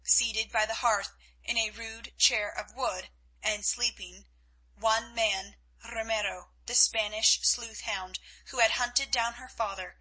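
A woman reading a novel aloud as an audiobook narrator, in measured, vivid storytelling. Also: fairly high pitch, steady tone, pushed and bright, slightly rough, poor audio. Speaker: audiobook reader. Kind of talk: scripted narration.

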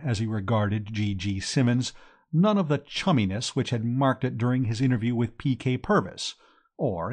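A man narrating a comic novel in the first person, brisk and jaunty. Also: mid-range voice. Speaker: audiobook narrator.

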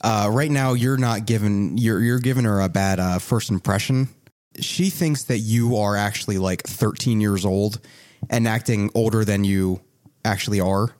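A young man runs a tabletop game as game master. His voice is low and sits in a dry, close sound. He teases the players and narrates with small hesitations. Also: fairly even intonation, normal speed, darkish tone, dry recording.

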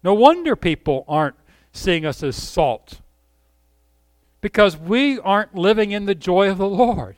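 A man's voice: high-pitched, lively intonation, measured pace, no echo. A middle-aged man preaching a sermon with passion, rising and falling for emphasis and asking his listeners direct questions. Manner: asks the congregation direct questions.

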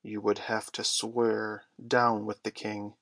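A man's voice: lowish voice, monotone, takes it slowly, gravelly, fairly bright tone, no echo, exaggerated voice. A man voicing a menacing, gloating pirate captain who snarls and roars orders. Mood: commanding. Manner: snarling, syrupy, roaring orders.

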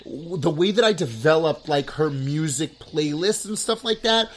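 Excitable rambling young guy, high voice. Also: moderate pace. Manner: rambling, full of "like" fillers, excitable. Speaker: podcast host. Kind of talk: casual podcast chat.

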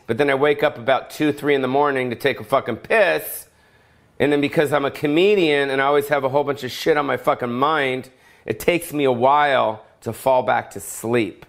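A man's voice: mid-range voice, moderate pace. A middle-aged male comedian ranting alone, profane and rambling, full of fillers and tangents. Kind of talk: solo comedic rant.

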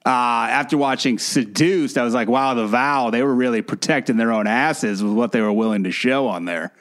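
A man's voice: mid-range voice, fairly quick. A man co-hosting a podcast, talking casually and animatedly, incredulous and swearing freely. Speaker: podcast co-host. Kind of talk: casual chat.

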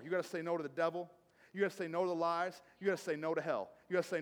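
A man's voice: fairly high pitch, fairly even intonation, racing. A pastor preaching a sermon from the pulpit to his church, emphatic and repetitive, calling out to the congregation. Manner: emphatic, repetitive preaching with audience call-outs. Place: church sanctuary, speaking from the pulpit. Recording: long reverb of a church hall.

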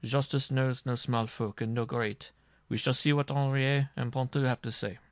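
A man reading aloud and voicing a stern judge who speaks quietly, with measured, ominous calm. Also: mid-range voice, no room sound, close to an everyday voice.

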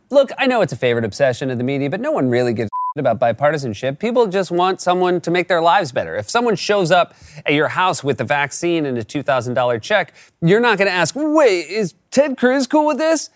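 A man's voice: fairly high pitch, no echo, clean studio sound. A man hosting a late-night comedy show, delivering a scripted sarcastic monologue.

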